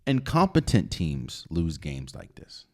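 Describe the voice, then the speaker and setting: A man hosting a solo sports podcast, giving opinionated, emphatic commentary with sudden loud rises and quiet asides. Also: sits low, wildly swooping pitch, slow pace. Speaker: podcast host.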